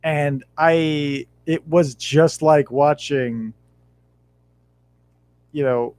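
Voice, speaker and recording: A man's voice: a little high, drawn-out words, dry recording. A man in his thirties hosting a podcast, telling stories in a casual chat with lots of profanity. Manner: animated, profane storytelling. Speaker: podcast host.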